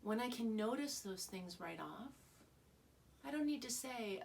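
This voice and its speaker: A woman guiding a relaxed meditation, speaking calmly and softly and often dropping into a hushed whisper. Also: on the high side, a little slow, gravelly, recorded from a distance, a little hiss or hum. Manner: calm, soft, often slipping into a hushed whisper. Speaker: meditation guide. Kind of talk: gentle guided meditation talk.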